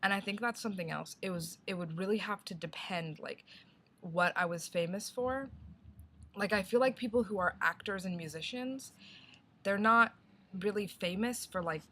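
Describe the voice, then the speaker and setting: A woman's voice: medium pitch, moderate pace, fairly bright tone. A young woman vlogging a casual video response, rambling and thinking aloud with many "like"s.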